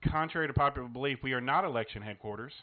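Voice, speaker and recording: A man's voice: medium pitch, racing. A man co-hosting a casual chat show who animatedly ribs a friend while telling a story. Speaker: podcast co-host. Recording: slightly dull lo-fi audio.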